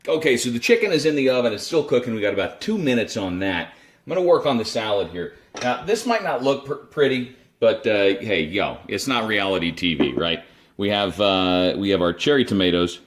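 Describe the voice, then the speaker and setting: A man casually chatting his way through a home cooking demo in his kitchen, rambling and self-deprecating. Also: sits low. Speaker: cooking video host.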